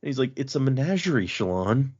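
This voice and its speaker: A man's voice: medium pitch, quick pace, dull audio. A man on a podcast casually recapping book chapters, acting out the characters' lines as he goes. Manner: animated, acts out characters' lines while recapping. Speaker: podcast co-host.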